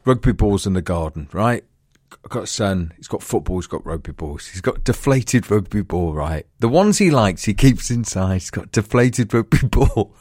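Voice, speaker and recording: Animated man telling a story. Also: on the low side, moderate pace, dry recording, clean studio sound. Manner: animated, laughing through stories, acts out voices. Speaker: podcast co-host. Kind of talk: casual storytelling chat.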